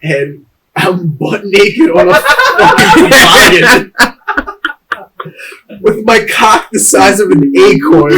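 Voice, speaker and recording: A young man co-hosting a podcast, telling animated stories in casual chat and swearing a lot. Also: high-pitched, drawn-out words, pauses often, breathy edge. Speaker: podcast co-host.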